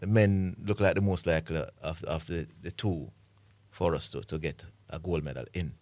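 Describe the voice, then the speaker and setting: Deep-voiced Jamaican man talking sports. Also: fairly even intonation, moderate pace, a little mellow, no echo. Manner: laid-back, emphatic opinions. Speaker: sports radio co-host. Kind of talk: casual sports chat.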